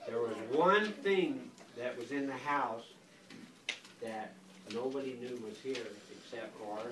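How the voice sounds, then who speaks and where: An older grandfather reading a picture book aloud to a school class in a playful, animated way, stopping often to quiz the children. He is recorded from across an echoey classroom full of kids. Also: medium pitch, takes it slowly, recorded from a distance, background noise. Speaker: guest reader, grandfather.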